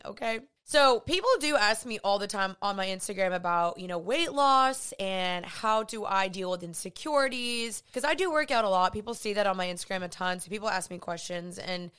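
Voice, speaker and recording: A woman's voice: medium pitch, a bit bright, clear, resonant tone. A woman, hosting a podcast in a chatty, earnest way. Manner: chatty, earnest, uses y'all and like. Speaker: podcast host. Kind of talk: casual podcast talk.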